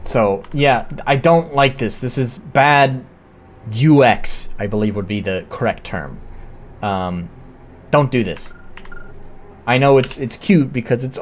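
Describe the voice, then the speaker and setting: A man's voice: mid-range voice, slow. Blunt, swearing male game streamer. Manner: blunt, critical, swears casually. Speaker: streamer playing indie games. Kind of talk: casual live-stream commentary. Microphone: headset or desk mic, wears headphones.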